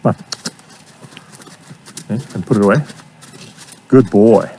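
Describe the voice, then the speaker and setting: A man coaching a student through horse training outdoors, giving steady encouragement and repeating his praise. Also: lowish voice, a little slow, creaky, a little hiss or hum. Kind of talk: hands-on coaching.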